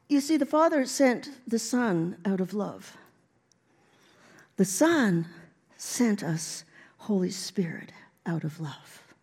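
A woman's voice: mid-range voice, mellow, slightly rough. A woman preaching a sermon in a church, building to emphatic declarations. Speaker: guest preacher. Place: church sanctuary.

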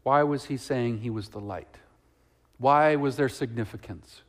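A man preaching a sermon, reading scripture with soaring emphasis and dropping to hushed, reflective asides. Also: medium pitch, a little slow.

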